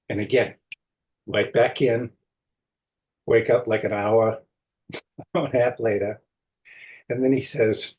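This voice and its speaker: An older man, a psychotherapist being interviewed, recounting a personal story in an unhurried way and acting out the words of others. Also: fairly low pitch, fairly even intonation, darkish tone, rough recording. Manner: unhurried storytelling, acts out quoted speech.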